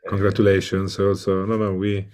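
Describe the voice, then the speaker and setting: A man with an Italian accent, a professor giving a welcome talk online with many pauses and filler sounds. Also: low voice, monotone, a little mellow. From Italy. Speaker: professor, invited lecturer.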